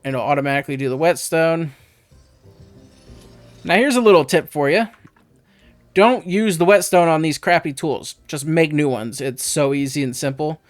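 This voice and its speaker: A man's voice: on the high side, moderate pace, long pauses, no echo, soft background music. A man hosting a let's play, giving casual gameplay commentary with rambling, offhand tips to viewers on a close mic.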